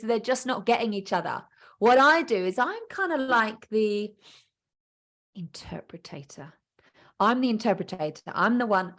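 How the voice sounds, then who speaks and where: A woman's voice: on the high side, lively intonation, moderate pace, a bit bright. A woman hosting her own coaching podcast, talking energetically and acting out inner voices with emphatic repetition. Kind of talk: podcast monologue.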